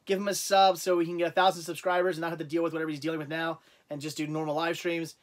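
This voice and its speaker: A man's voice: fairly high pitch, flat delivery, racing. A man hosting a casual livestream, talking in a rambling way with lots of fillers and repeated words. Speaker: livestream host.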